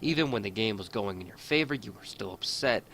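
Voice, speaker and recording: A man's voice: lowish voice, animated, a little fast, a bit bright, slight background noise. A man reading a visual novel aloud in first person, adding his own asides. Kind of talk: reading game text aloud.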